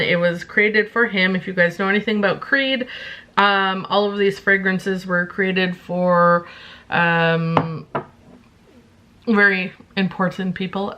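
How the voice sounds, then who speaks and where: A woman's voice: medium pitch, noisy background. Chatty woman vlogger, casual and rambling. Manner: chatty, self-deprecating, frequent ums. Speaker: beauty vlogger. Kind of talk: casual chat to camera.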